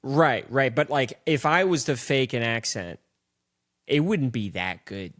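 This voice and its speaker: A man's voice: medium pitch, animated, measured pace, fairly bright tone. Man hosting, chiming in with reactions. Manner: reactive, eager interjections. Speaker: podcast host. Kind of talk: casual chat.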